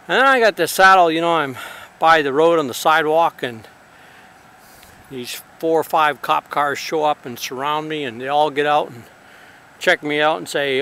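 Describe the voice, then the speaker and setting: With a fairly high, sharp voice at normal speed, a man traveling on horseback speaks outdoors for his casual travel diary. His talk is rambling, hesitant, and wry.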